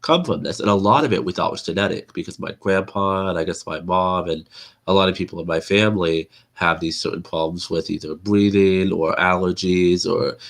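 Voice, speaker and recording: Low, nasal man chatting on stream. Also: brisk. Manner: loose and chatty, many fillers and restarts. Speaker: livestream host. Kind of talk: casual rambling livestream talk.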